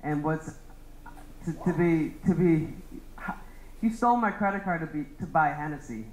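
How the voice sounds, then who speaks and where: A man's voice: a little high, moderate pace, roomy sound, slight background noise, low-quality recording. A young man doing a rambling stand-up roast of his friends, laughing at his own jokes. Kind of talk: open-mic roast set.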